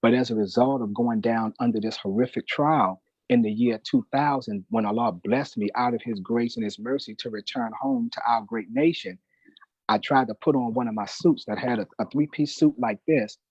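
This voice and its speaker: A man's voice: medium pitch, normal speed, darkish tone, breathy edge, no echo, dull audio. A middle-aged man telling a personal testimony in an emphatic, preacher-like way, often calling the host brother. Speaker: guest, newspaper manager.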